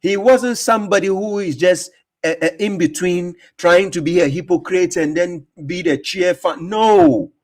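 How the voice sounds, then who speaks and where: A man's voice: sits high, measured pace. A man hosting a reaction commentary, talking in a mocking, emphatic way, laughing often and repeating words. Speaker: host reacting to a video.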